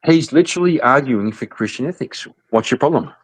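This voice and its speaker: A man's voice: mid-range voice, lively intonation, a little fast, slightly rough. A man on a debate panel who talks bluntly and crudely, mocking others and swearing constantly. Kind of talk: heated casual panel debate.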